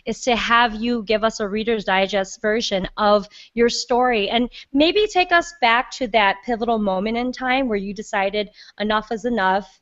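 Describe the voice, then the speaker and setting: A woman's voice: fairly high pitch, normal speed, hardly any pauses, a bit bright, lo-fi sound. Enthusiastic woman hosting a podcast. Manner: enthusiastic and encouraging, talks casually and swears lightly. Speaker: podcast host.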